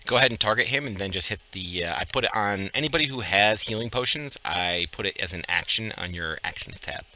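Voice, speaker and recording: A man running a livestreamed tabletop game as game master, casual and joking as he gives quick instructions over voice chat. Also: fairly low pitch, pushed and bright, dull audio.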